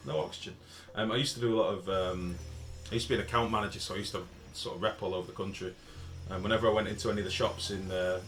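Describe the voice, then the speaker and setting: An English man chatting casually while live-streaming a game, swearing freely and reading out chat messages. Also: on the low side. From England.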